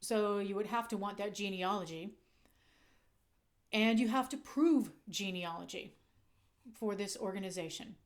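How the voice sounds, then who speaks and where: A woman's voice: medium pitch, unhurried, long pauses. A woman hosting a casual commentary vlog into a desk microphone, candid and emphatic, swearing when she gets heated. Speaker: channel host.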